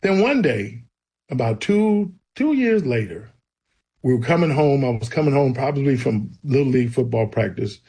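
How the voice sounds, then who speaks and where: A male guest earnestly shares his personal faith testimony in a conversation, telling it as a story with emphasis. His medium-pitched voice is warm, slightly rough and sing-song, at a moderate pace.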